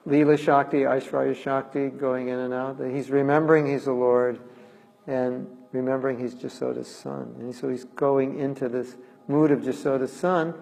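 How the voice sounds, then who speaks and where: A man's voice: medium pitch, creaky, darkish tone, in a large hall, poor audio. A man giving a devotional talk and retelling a sacred story, acting out the quoted lines. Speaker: lecturer. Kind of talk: devotional lecture.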